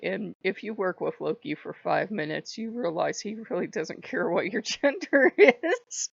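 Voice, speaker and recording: A woman's voice: lowish voice, lively intonation, normal speed, vocal fry, dry recording. A woman chatting casually to camera in a rambling way, laughing often and speaking frankly with some swearing. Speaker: vlogger. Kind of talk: casual chat. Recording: dull lo-fi recording.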